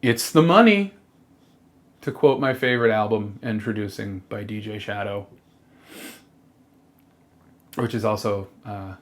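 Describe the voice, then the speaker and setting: In a mid-range voice, a trans person works through a comedic monologue that rambles, halts and stays sincere. Fillers, restarts and casual swearing come up constantly.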